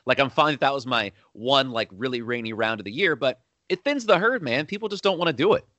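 A man's voice: medium pitch, animated, a little fast, fairly bright tone, dry recording. A man co-hosting a casual chat in an easygoing way, leaning on "like" and "man". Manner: easygoing, says "like" and "man" a lot. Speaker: podcast co-host.

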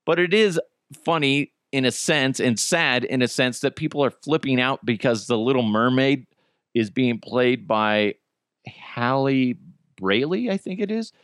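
A man's voice: mid-range voice, lively intonation, a little slow, fairly bright tone, clear, resonant tone, dry recording, studio quality. An American man hosting a podcast, chatting in a casual, jokey and profane rant. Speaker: podcast host.

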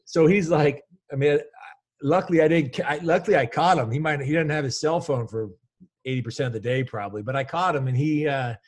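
A man in his fifties, a college basketball coach, telling stories in an energetic, rambling way with many restarts. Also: fairly high pitch, brisk. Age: 50s. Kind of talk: casual storytelling interview.

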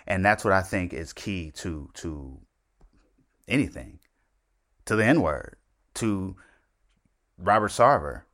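Deep-voiced man rambling casually. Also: lively intonation, takes it slowly, pauses often, fairly bright tone. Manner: rambling, conversational, with asides and self-corrections. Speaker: podcast host. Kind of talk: casual solo commentary.

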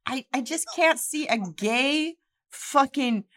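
Woman, slightly high voice, candid, swears, rambling casual chat. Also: expressive, slow pace, fairly bright tone.

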